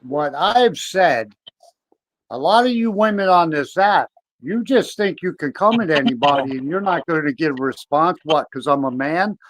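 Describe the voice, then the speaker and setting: A man's voice: on the high side, animated, normal speed, a bit bright, no echo, low-quality recording. A man speaking as a guest on a livestream, defiant, confrontational and swearing freely. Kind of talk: casual livestream chat.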